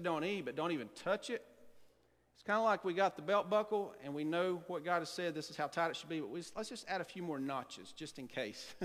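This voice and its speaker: Male pastor, sermon, high-pitched, emphatic rhetorical questions, long reverb of a church hall. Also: fairly bright tone. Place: church sanctuary.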